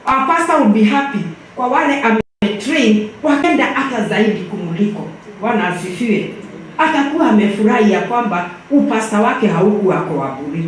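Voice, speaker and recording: A woman's voice: a little high, expressive, moderate pace, a little hiss or hum. An older woman with a Kenyan accent speaking fervently and preacher-style at a memorial service, heard from far off in an echoey church hall. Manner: fervent, preacherly, repeats "praise the Lord".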